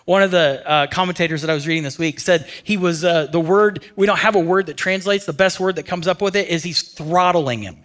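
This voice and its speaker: This pastor's sermon comes in a voice a bit above normal pitch, delivered fairly quickly with few pauses. He addresses the audience conversationally, asks them question after question, and goes nearly hushed for the key lines.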